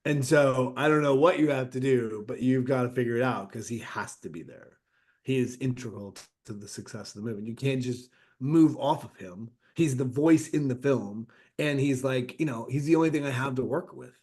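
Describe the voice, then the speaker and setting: Animated storytelling man. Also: medium pitch, normal speed. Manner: animated anecdote-telling with acted-out quotes. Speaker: interview guest, actor. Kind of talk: casual storytelling interview.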